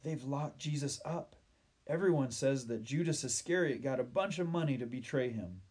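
A man's voice: medium pitch, lively intonation, normal speed, a little mellow, husky. A man voicing a young boy who eagerly passes on news to his friend. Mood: telling news.

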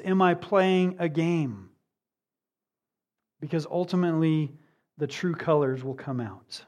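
Earnest male preacher, rhetorical questions. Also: fairly high pitch. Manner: earnest, rhetorical questions, swings from emphatic to hushed. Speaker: pastor. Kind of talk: sermon.

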